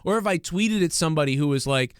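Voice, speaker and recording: A man's voice: fairly high pitch, expressive, fast talker, clear, resonant tone, no room sound, clean studio sound. A young man hosting a podcast, ranting casually with lots of swearing, fillers and restarts. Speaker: podcast host. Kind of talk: casual comedic rant.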